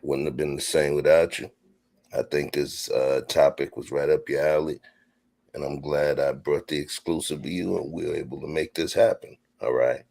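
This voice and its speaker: A male host talks casually and thanks his guest. His voice sits extremely low and has a gravelly fry to it. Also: steady tone, moderate pace, a little mellow. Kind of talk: casual chat.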